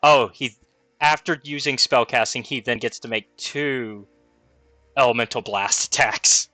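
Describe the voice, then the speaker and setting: Man, dungeon master, mulls over rules aloud, crisp bright tone, dry sound, faint music. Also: mid-range voice, measured pace, no room sound. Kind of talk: running a tabletop game session.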